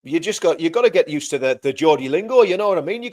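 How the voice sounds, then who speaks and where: A man's voice: on the high side, animated, fast, a little mellow. A man co-hosting a casual livestream chat, talkative and repetitive, often breaking into laughter. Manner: chatty, repeats himself, laughs often. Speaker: livestream co-host.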